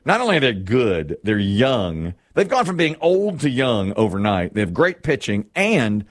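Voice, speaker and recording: Lively male sports talk host. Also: medium pitch, moderate pace, no room sound, studio quality. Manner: animated storyteller, laughs, mimics others. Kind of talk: casual sports chat.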